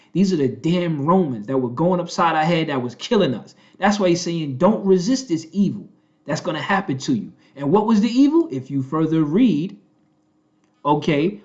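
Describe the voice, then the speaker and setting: A man's voice: a little high, darkish tone, lo-fi sound. A man lecturing on scripture in a blunt, slangy street style, emphatic and repeating "okay? right?" as he drives each point home. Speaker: self-styled prophet teaching scripture.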